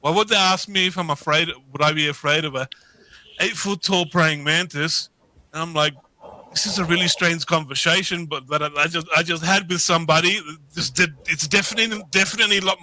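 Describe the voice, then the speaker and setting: A man's voice: high-pitched, pushed and bright, rough recording. A middle-aged man telling a story as a guest over a video call, rambling, swearing freely and restarting his sentences. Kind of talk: casual storytelling.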